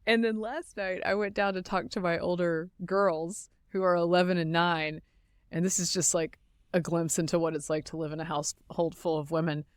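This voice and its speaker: A woman in her forties hosting a podcast, telling a story in an animated way and laughing often. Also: fairly low pitch, moderate pace, clear, resonant tone, dry recording, clean studio sound. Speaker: podcast host. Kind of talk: casual chat.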